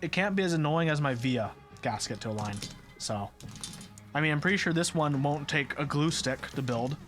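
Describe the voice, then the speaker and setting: A man's voice: a little high, moderate pace, a bit bright, soft background music. A man streaming live, chatting casually and muttering puzzled asides to himself as he works. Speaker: streamer building a keyboard.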